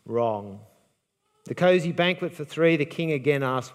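A man's voice: a little high, animated, measured pace, long reverb tail. A man preaching a sermon, retelling a Bible story with drama and acting out the quoted lines.

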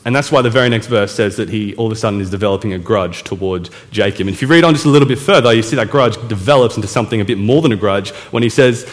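Chatty preacher in an echoey hall. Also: male voice, fairly low pitch. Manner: chatty, storytelling, with quick self-corrections. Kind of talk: casual sermon retelling a Bible story.

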